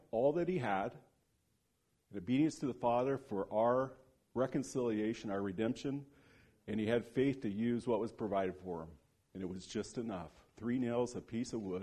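A man preaching a sermon, telling a story with lively acted-out quotes and dropping to a hushed low voice on solemn points. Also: breathy edge. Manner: animated storyteller who acts out quoted speech.

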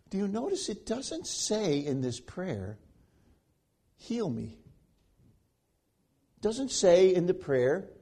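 A man preaching a sermon, swinging between loud pleading passages and hushed, quiet stretches. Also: mid-range voice, breathy edge.

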